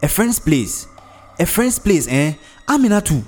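A man voicing a shrill, nagging middle-aged mother in a storybook reading. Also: sing-song, a little slow, a little mellow, faint music behind. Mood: scolding.

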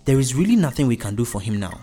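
A man's voice: medium pitch, sing-song, racing, mellow, faint music behind, lightly acted. A man voicing a worried, protective husband who sighs and calls out firmly. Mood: weary. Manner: pleading, then commanding.

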